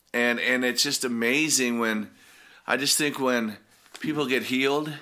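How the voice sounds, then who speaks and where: Male preacher, informal Bible teaching, bright voice, earnest, restarts often. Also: mid-range voice. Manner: earnest, rambling with many restarts.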